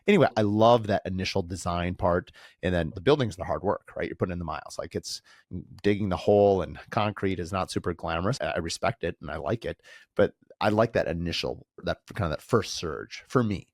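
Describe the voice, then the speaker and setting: A man's voice: deep voice, a little fast, no room sound, clean studio sound. A man hosting a podcast interview, upbeat and jokey, thinking aloud with fillers. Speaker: podcast host. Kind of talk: conversational interview.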